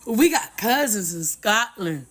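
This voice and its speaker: A woman in a casual social clip, drawling slowly and easily. Her voice sits in a middle range, relaxed and amused. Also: mid-range voice, slightly rough. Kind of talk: casual social media video.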